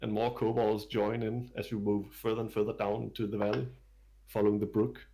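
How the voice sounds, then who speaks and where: Gravelly-voiced man narrating as dungeon master. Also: lowish voice, level tone, brisk, warm tone. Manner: hesitant, filler-heavy descriptive narration. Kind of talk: narrating a tabletop game.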